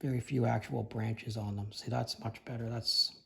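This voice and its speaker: A man giving a casual painting tutorial, thinking aloud and correcting himself as he works, his voice slightly hoarse. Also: medium pitch, fairly even intonation, moderate pace. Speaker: painting instructor.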